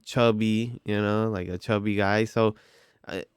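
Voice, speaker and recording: Smooth-voiced man telling a story. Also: fairly low pitch, steady tone, unhurried, dry recording, studio quality. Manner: rambling, heavy on fillers like "like" and "you know". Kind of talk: casual storytelling.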